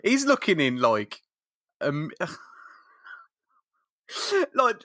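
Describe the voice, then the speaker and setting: Man, podcast co-host, slangy laughing banter, bright tone, unhurried, dry sound. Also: a little high, huge pitch swings, dry recording. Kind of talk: casual comic chat.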